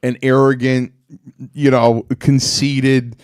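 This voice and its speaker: A man's voice: mid-range voice, flat delivery, slow, a little mellow, smooth, dry recording, clean studio sound. A man hosting a casual talk show, telling stories in a rambling way with many restarts and fillers. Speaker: podcast host. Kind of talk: casual chat.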